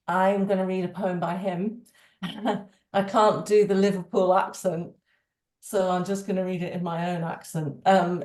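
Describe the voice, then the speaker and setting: Slow, mellow-voiced woman reading. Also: fairly low pitch, reverberant. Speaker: panelist reading a poem. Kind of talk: poetry reading on a video call. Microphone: video call.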